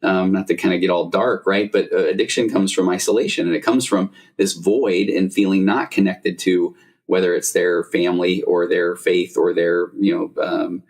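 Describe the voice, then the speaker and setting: Deep-voiced man hosting a podcast. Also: little pitch movement, normal speed, darkish tone. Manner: rambling, self-interrupting, frequent fillers. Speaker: podcast host and therapist. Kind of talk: casual conversational interview.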